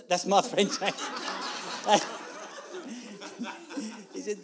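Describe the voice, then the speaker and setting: A man's voice: high voice, steady tone, slow, long pauses. A man, preaching an informal sermon in a chatty, self-deprecating way and laughing through his asides. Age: 50s.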